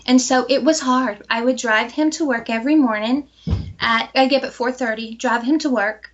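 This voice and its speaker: A woman being interviewed, telling a personal story and acting out quoted dialogue with lively energy. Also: on the high side, normal speed, lo-fi sound. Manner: animated, acts out quoted dialogue.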